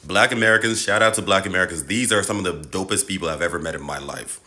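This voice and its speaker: A man's voice: low-pitched, quick pace, bright, forceful tone. A man delivering an impassioned, profane rant straight to his audience. He hammers the same points over and over with heavy emphasis. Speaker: social media commentator. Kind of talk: impassioned direct-to-camera rant.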